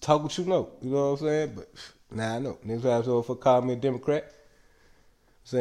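A man's voice: medium pitch, steady tone, brisk, mellow. A man talking in a loose, rambling solo monologue, swearing constantly and often breaking into laughter. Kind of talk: casual profane monologue.

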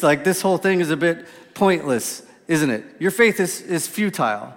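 A male pastor giving a casual, conversational sermon, relaxed and full of asides and questions to the congregation. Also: a little high, moderate pace, hardly any pauses. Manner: relaxed, lots of "like" and restarts, asks the audience questions. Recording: reverberant hall.

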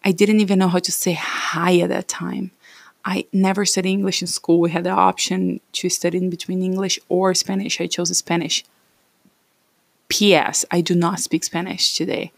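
A woman's voice: on the low side, level tone, normal speed, vocal fry, no echo. A woman in her thirties from Brazil with a Brazilian Portuguese accent, talking in a rambling, encouraging casual vlog.

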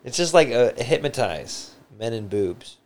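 A man's voice: mid-range voice, lively intonation, moderate pace, darkish tone. A man co-hosting a podcast, trading crude jokes and teasing in casual conversation. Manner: blunt, joking, teasing. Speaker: podcast co-host.

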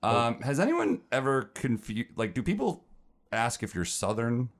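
A man's voice: mid-range voice, normal speed. A man hosting a podcast, teasing his guest and telling stories in casual chat. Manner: chatty, teasing, lively storytelling. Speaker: podcast host, producer.

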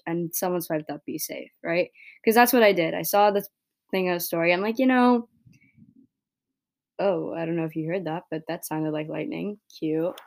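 A young woman hosts her own podcast in a lowish voice at normal speed, rambling casually with lots of "like" and "right?" She swears freely and gets heated when frustrated.

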